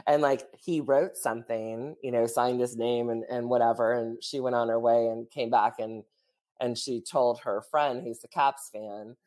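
Woman, very low pitch, casual chatty storytelling, frequent laughs, podcast co-host. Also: steady tone, normal speed, darkish tone. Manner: chatty, full of "like" and "you know", laughs often.

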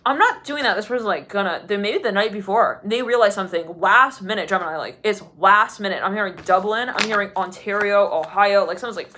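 A woman's voice: medium pitch, a little fast, few pauses, pushed and bright, a little hiss or hum. A woman giving a channeled tarot reading, chatty and rambling, laughing often and acting out the voices she describes. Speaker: tarot reader.

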